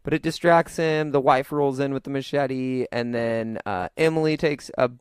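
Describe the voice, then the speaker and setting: A man's voice: medium pitch, normal speed, clean tone, dry recording, studio quality. A man co-hosting a movie podcast, loosely retelling the plot with many fillers. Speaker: podcast co-host. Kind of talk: casual movie recap.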